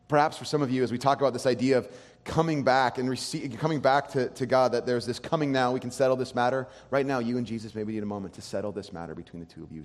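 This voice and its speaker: Animated male pastor in a reverberant hall. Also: medium pitch. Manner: animated, acts out quoted voices with laughs. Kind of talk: sermon.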